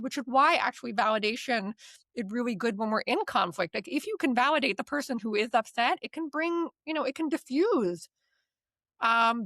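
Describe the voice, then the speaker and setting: A woman's voice: high-pitched, a bit bright, no echo. Chatty woman teaching, dry close sound. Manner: chatty, peppered with "like" and "right?"; laughs lightly mid-sentence. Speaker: DBT course instructor and podcast host. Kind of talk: casual teaching chat.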